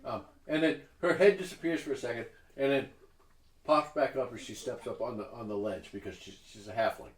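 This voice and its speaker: A man's voice: medium pitch, brisk. A man narrating as dungeon master in a casual, rambling way with many fillers. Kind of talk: narrating a tabletop game. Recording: echoey room with faint noise.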